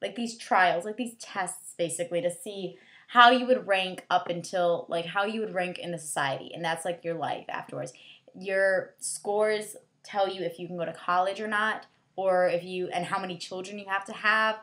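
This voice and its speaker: A woman's voice: fairly low pitch, moderate pace, a bit bright. A young woman giving a rambling, sarcastic book review, full of "like" fillers. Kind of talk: casual vlog book review.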